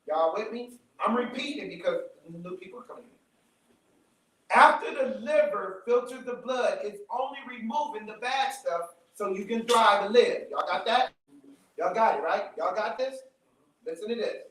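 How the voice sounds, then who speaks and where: High-voiced man lecturing in an echoey hall. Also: moderate pace, fairly bright tone. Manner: emphatic, repeats points, checks in with the crowd. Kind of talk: live lecture to a room audience. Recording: very echoey room, mic from far off.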